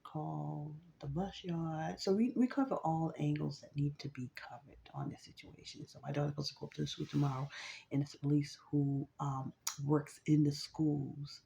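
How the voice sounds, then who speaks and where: Grandmother vlogger with a warm, dark, low voice, who tells a rambling story with lots of fillers. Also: gravelly, dull audio, a little hiss or hum. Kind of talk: casual storytelling vlog.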